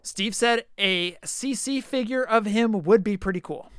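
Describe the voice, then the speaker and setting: A man's voice: sits high, a little slow, a bit bright, clean tone, no echo, clean studio sound. A man co-hosting a podcast, chatting casually and teasingly about collectible figure news. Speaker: podcast co-host.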